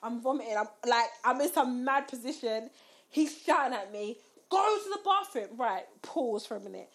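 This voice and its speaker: Animated woman telling a story. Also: fairly high pitch, normal speed. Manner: animated, acts out quotes with rising squeals. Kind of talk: casual storytelling chat.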